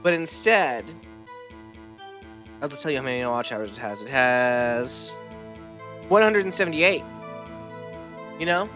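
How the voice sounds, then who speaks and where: A woman's voice: a bass voice, lively intonation, unhurried, pauses often, fairly bright tone, faint music behind. A woman streaming a game who chats casually with her viewers, rambling and swearing offhandedly. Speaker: VTuber streamer.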